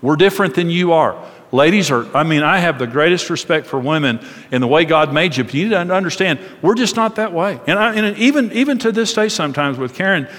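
A middle-aged married man preaching earnestly, dropping soft and low when voicing tender words to a spouse. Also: animated, fast talker. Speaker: pastor. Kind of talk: sermon. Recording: long hall reverb.

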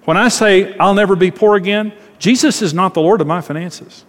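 A man's voice: high-pitched, a little fast, in a large hall. A man preaching a sermon as a pastor, talking conversationally, acting out quoted voices and repeating phrases.

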